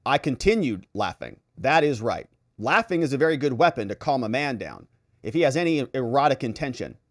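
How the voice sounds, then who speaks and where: A man's voice: medium pitch, big pitch swings, a little fast, no echo, studio quality. A man quoting an older female witness in a plain, defiant manner.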